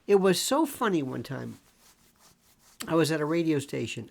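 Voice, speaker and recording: With a sing-song, slightly high voice and some vocal fry, this Florida man in his sixties delivers a sarcastic monologue at a moderate pace. The legal commentator and talk host leaves long pauses and now and then slips into mock whispers.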